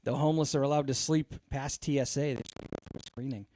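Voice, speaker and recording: A man's voice: medium pitch, fairly even intonation, quick pace, dark tone, no room sound. A man hosting a podcast, telling a long, exasperated story in a casual, profane way full of fillers. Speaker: podcast host.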